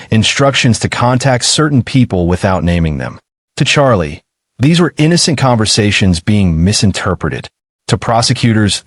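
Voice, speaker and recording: A man giving scripted true crime documentary narration with measured, dramatic phrasing. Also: fairly low pitch, dry recording, studio quality.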